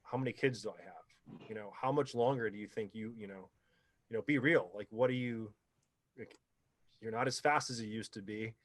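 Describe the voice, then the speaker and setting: A man's voice: fairly low pitch, normal speed, no echo. A man in his thirties, a guest telling stories in a casual interview, rambling with lots of fillers. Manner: rambling with many fillers, animated when quoting others. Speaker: podcast guest, pro paintball player.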